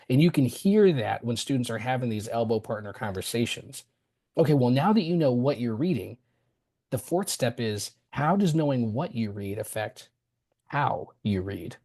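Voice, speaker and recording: A man's voice: medium pitch, normal speed. A man in his thirties, a middle school reading teacher, talking a podcast host through his classroom methods step by step. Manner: animated, explanatory, walks the listener through steps. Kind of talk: conversational explanation on an education podcast.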